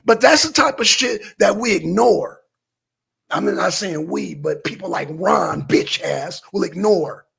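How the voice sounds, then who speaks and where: A man's voice: high-pitched, lively intonation, a little slow, creaky, fairly bright tone, husky. A male livestream host talking politics in a blunt, profane, heated way from home. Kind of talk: political talk stream.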